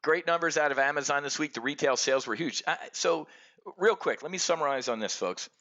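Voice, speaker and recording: A middle-aged man hosting an options trading show, giving a brash, energetic market commentary rant and calling out to the folks watching. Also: fairly high pitch, fairly quick, lo-fi sound. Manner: brash and animated, keeps addressing folks.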